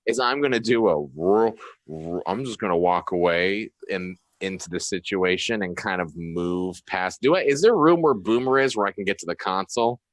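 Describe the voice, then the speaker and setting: Deep-voiced hesitant male player. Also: normal speed, no echo. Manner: hesitant, thinking aloud with restarts. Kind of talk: casual tabletop play.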